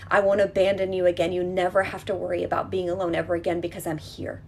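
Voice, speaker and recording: A woman's voice: on the low side, completely flat delivery, fast, gravelly, slight background noise. A woman leading a guided healing exercise, talking in an emphatic, repetitive coaching manner that is reassuring and direct.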